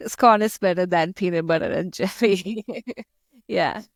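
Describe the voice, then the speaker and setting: Young Indian-accented woman, low-pitched, dry sound, chatty interview guest. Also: measured pace, gravelly, dry recording. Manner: chatty, laughs often, many "like" fillers. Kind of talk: casual interview chat.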